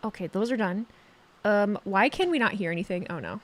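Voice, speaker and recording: A woman's voice: medium pitch, expressive, fairly quick, soft background music. A young woman chatting casually on a live stream, sarcastic and talkative, reading chat messages aloud.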